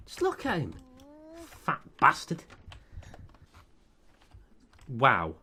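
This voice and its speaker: A man's voice: on the high side, huge pitch swings, takes it slowly, pauses often, bright, forceful tone, slight background noise. A man commentating over a life-sim game, sarcastic and profane as he scolds the characters. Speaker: let's play commentator.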